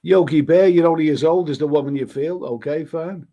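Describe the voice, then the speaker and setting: Hosting a live stream, this older Liverpool travel vlogger chats in a Scouse accent, rambling, restarting often and addressing viewers as "mate." His voice is a little high, brisk and dark, and the audio sounds dull.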